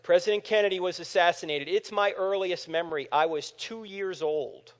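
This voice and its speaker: Man, 50s, high and lively delivery, speaking to a crowd in a reverberant hall; storyteller who acts out quotes. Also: normal speed. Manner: animated storytelling, acting out quotes. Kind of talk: apologetics talk to a live audience. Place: large room with audience.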